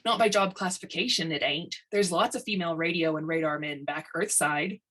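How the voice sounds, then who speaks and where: A woman voicing a feisty, sharp-tongued male space-station foreman narrating his own story. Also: low-pitched, fairly quick.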